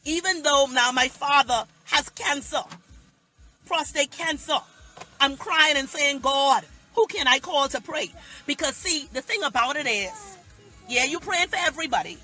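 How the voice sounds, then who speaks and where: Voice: high voice, animated, a little slow, sharp tone, faint music behind. A pastor preaching on a phone livestream, emphatic and repetitive, with heavy dialect.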